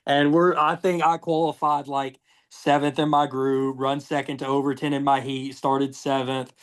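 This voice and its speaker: Man, young adult, mid-pitched voice, cussing casually, acts out dialogue in his anecdotes. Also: normal speed, clean tone. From Georgia, USA. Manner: profane, lively anecdotes with acted-out dialogue. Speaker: podcast guest, race car driver. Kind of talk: casual storytelling.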